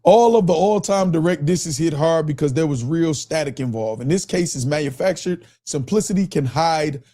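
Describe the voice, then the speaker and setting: An animated man with a Michigan accent hosts a live stream, reading the chat aloud and laughing often. His voice sits high for a man, and he asks the same question over and over in loose, casual commentary. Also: normal speed. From Michigan, US Midwest.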